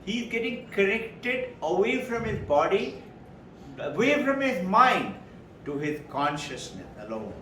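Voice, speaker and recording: A high-voiced man gives a spiritual talk. He tells his stories with lively delivery and acts out each voice. The mic sits well back from him in a roomy hall. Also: measured pace, recorded from a distance, a little hiss or hum. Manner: animated storyteller who acts out quoted dialogue. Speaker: spiritual teacher. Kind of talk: spiritual talk to a live audience.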